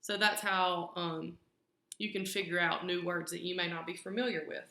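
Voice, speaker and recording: A young woman teaching a phonics lesson to small children, slowly sounding out each word. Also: lowish voice, steady tone, sharp tone, a little hiss or hum. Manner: slow, clear sounding-out of words. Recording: very echoey room.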